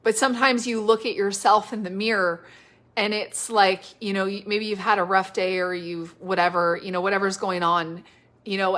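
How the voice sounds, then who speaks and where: A woman giving spontaneous prophetic ministry on a live stream, speaking gently and haltingly, repeating her phrases and filling pauses with "like" and "you know". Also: medium pitch. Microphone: live-stream device mic.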